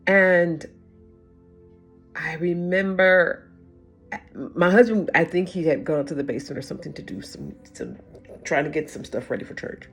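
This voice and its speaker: A middle-aged woman telling her own hard story as emotional testimony, halting and repeating words as she goes. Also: fairly low pitch, lively intonation, a bit bright, soft background music. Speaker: vlogger sharing a personal story.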